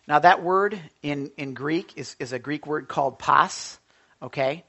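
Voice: mid-range voice, measured pace, creaky. A pastor preaching a sermon in a church, often asking the congregation questions and answering them. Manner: animated, asks the congregation questions.

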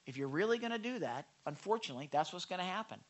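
A man's voice: sits high, racing. A man preaching a conversational sermon, asking the congregation questions and acting out quoted lines. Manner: acts out quoted lines with lively voices. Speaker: pastor.

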